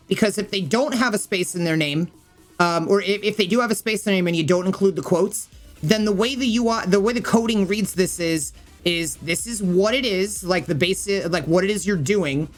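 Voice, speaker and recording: A woman with a fairly low voice explains game menus step by step. She rambles casually and thinks aloud with plenty of fillers. Soft music plays faintly underneath. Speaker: gaming streamer and YouTuber.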